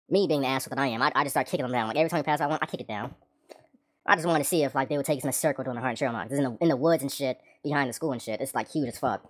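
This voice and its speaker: A low-voiced woman rattles through a story at speed, swearing constantly and wandering off into joking asides. Her delivery is casual and rambling, like a vlogger talking straight to the camera.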